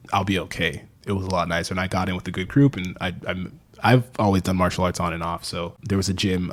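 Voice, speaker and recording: Young dude, slightly deep voice, cursing and laughing through a casual podcast story. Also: male voice. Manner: animated storytelling, swears freely, laughs often. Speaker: podcast guest, fiction writer. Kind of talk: casual conversation.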